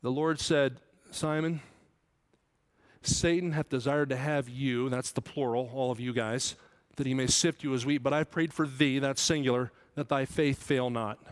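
A man preaching a Bible sermon, asking his listeners questions and rising loud and high when he quotes scripture. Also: steady tone, moderate pace. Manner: asks the congregation questions. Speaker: pastor. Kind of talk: expository sermon.

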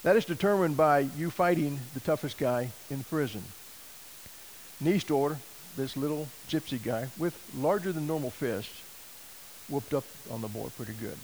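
A man preaching a sermon, telling a story in a folksy, animated way and acting out quoted voices. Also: a little high, moderate pace, slight background noise, poor audio. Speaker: missionary preacher.

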